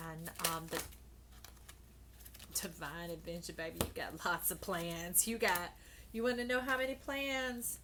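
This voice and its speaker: A tarot card reader gives a casual reading to the camera, playful and animated, often dropping to a soft whisper and calling listeners "baby" and "y'all." Her voice is on the low side, with background noise present.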